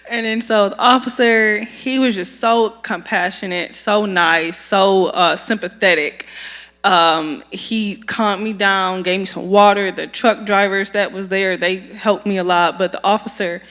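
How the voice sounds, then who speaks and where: A young woman telling a story at a community forum, animated and acting out her own reactions. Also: medium pitch, a little slow. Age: young adult. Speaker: community meeting participant. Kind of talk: storytelling public comment. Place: meeting room. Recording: long hall reverb.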